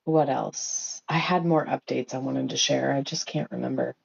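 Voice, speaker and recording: Heated mom ranting on a livestream. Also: female voice, extremely low pitch, steady tone, moderate pace, gravelly, slightly rough. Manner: heated, swearing, rambling with many fillers. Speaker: livestream host, mother. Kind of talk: casual livestream rant. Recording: dull lo-fi phone audio.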